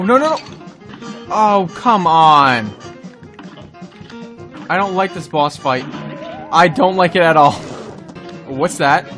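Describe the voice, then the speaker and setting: Excitable high-voiced young gamer man. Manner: excitable, yelps and shouts at the game; talks to himself and the enemies. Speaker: gaming YouTuber. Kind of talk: excited gameplay commentary.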